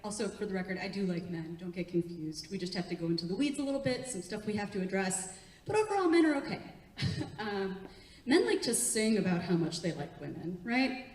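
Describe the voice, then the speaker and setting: A woman's voice: medium pitch, expressive, a little fast, a little mellow. Chatty woman comic in echoey theatre. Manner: chatty, laughs often, works the crowd. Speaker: stand-up comedian. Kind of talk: live stand-up set. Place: theatre stage before an audience. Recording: echoey room, heard from a distance.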